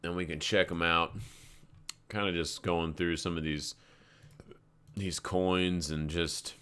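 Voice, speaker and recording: A man's voice: sits low, fairly even intonation, takes it slowly, fairly bright tone, clear, resonant tone. A man hosting a live crypto trading stream, talking casually through charts and stories in a rambling, laid-back way and swearing freely. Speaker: crypto trading livestream host.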